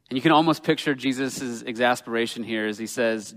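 A man preaching a sermon earnestly and emphatically, slowing down when he quotes scripture. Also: mid-range voice, fairly even intonation, a bit bright. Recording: long reverb of a large hall.

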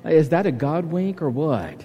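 A man's voice: on the high side, lively intonation, measured pace, warm tone, some chatter behind. A middle-aged man from Alabama with a Southern accent, preaching a conversational sermon as a guest preacher, joking and folksy. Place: church sanctuary. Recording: reverberant church hall.

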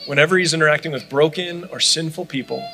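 A man's voice: fairly high pitch, fast talker, sharp tone, faint music behind, rough recording. A man preaching a sermon in a conversational way, often saying "like" as he talks. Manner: conversational, frequent "like" fillers. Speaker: pastor.

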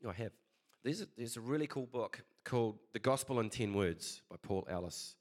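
A man's voice: medium pitch, lively intonation, normal speed. A man preaching a casual sermon, chatty and conversational, telling a story with many fillers.

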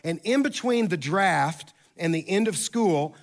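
A man preaching a sermon as pastor, telling stories in an animated, conversational way. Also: high-pitched, a little slow.

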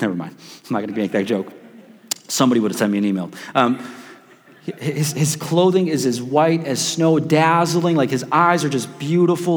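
A man's voice: medium pitch, a little mellow. A male pastor preaching a sermon, telling a story with playful asides and frequent restarts. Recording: long hall reverb.

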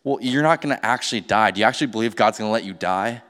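A preacher voicing a sly male serpent who tempts in a hushed, casual, coaxing way. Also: on the low side, racing, natural voice. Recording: long hall reverb.

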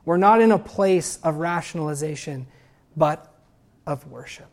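A woman preaching a sermon, reading scripture and hymn lines aloud and building to loud, emphatic exclamations. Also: low-pitched, a little slow.

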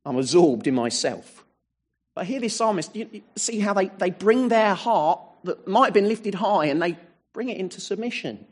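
A man's voice: high voice, expressive, normal speed, husky. A man preaching a sermon, working through a psalm verse by verse and often adding rhetorical tag questions. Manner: expository, walking through verses.

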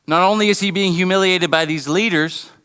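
A man's voice: sits high, a little fast, a bit bright, clean tone. A man preaching a sermon in a conversational, storytelling way, often restarting his sentences. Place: church hall. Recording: long reverb of a hall.

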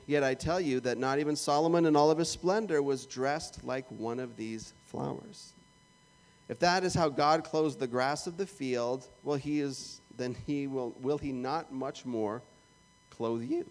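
A man's voice: mid-range voice, a little mellow. A man with a Canadian accent preaching a sermon in a conversational, joking way, acting out little prayers and asides. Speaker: pastor.

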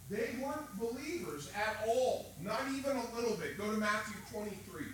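Animated man preaching in an echoey room. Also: sits high, normal speed, few pauses, a little hiss or hum. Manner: conversational and animated, asks the room questions. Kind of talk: sermon. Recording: echoey room with faint ambience.

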